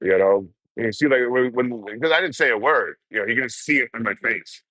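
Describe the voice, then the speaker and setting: A man's voice: medium pitch, brisk, few pauses, no room sound, lo-fi sound. A man chatting casually on a livestream, telling a rambling, profane story and laughing often. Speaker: vlogger.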